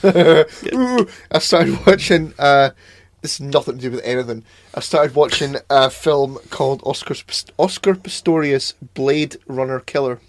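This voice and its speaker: A man's voice: medium pitch, normal speed. A man co-hosting a podcast in casual chat, rambling off topic, laughing often and swearing offhandedly. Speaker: podcast co-host.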